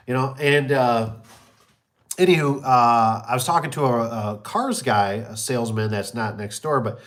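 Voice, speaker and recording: A man's voice: medium pitch, a little slow. A man telling rambling stories about his business in a casual live chat, often repeating himself and acting out the people he quotes. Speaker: small business owner hosting a live stream. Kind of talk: casual storytelling.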